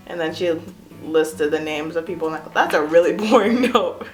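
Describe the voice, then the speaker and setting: A woman's voice: low voice, fairly quick, faint music behind. A young woman giving a casual, self-mocking tour of her home art studio, chatty and giggly. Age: young adult. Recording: echoey room.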